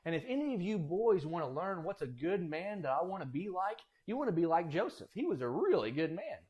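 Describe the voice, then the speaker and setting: A man casually telling Bible stories, animated and acting out voices. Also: sits high, a little fast, dull audio. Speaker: storyteller.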